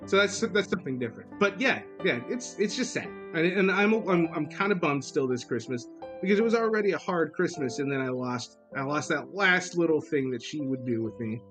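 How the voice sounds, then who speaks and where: A man's voice: on the high side, animated, fairly quick, fairly bright tone, soft background music. A man in his thirties co-hosting a podcast, rambling and crude, joking about family life with many restarts. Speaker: podcast co-host. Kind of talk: casual chat.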